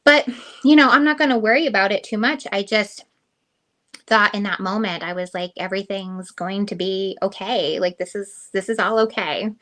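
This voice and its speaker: A middle-aged woman co-hosting a casual podcast tells a personal story in a bright, ringing voice. She talks candidly and emotionally, circling back with fillers and restarts as she searches for words. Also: medium pitch, normal speed. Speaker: podcast co-host. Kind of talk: casual chat.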